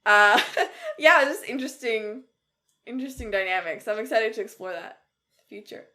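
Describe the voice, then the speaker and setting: A woman's voice: on the high side, animated, moderate pace, pushed and bright. A woman co-hosting a podcast, enthusiastic and reflective, laughing often in casual fan chat. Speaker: podcast co-host.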